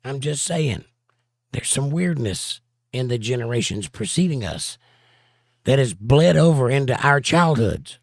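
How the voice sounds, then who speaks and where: Hoarse guy reading chat on his stream, playful jokes, dry close sound, mid pitch. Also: big pitch swings, a little slow, dry recording. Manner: joking, playful banter. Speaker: livestream host reading chat. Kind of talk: casual chat.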